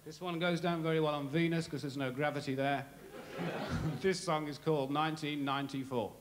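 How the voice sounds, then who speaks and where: A man in his thirties doing a live stand-up comedy routine with deadpan, quick absurd asides. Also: on the high side. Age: 30s. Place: comedy stage before a live audience.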